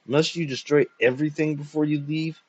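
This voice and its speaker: A man voicing a calm grown son, a businessman who answers in level, dry replies. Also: on the high side, a little fast, slightly rough, highs cut off, pitched above the performer's own voice. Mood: firm.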